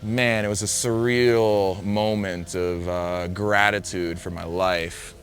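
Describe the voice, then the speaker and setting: A man's voice: low-pitched, fairly even intonation, slow pace, soft background music. A man, a big-wave surfer, telling a personal story casually, rambling with lots of "like" and restarting his sentences.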